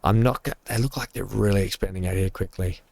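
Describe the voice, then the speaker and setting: A man hosting a let's-play, commenting casually from home, rambling, joking and thinking out loud as he plays. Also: on the low side, steady tone, fast talker, vocal fry, dry recording. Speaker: gaming channel host.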